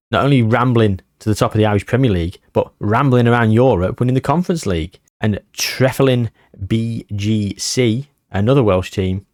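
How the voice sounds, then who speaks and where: A man's voice: on the low side, darkish tone, no room sound, studio quality. A man casually commenting on his football management game, rambling with puns and self-deprecating jokes. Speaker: gaming YouTuber.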